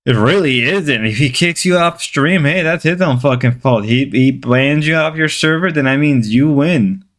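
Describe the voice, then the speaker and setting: A man ranting profanely as a streamer, mocking and lecturing the people he watches. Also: normal speed. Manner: profane, mocking, shouts in high whiny mimicry. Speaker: streamer reacting to a call-in show. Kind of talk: crude ranting commentary.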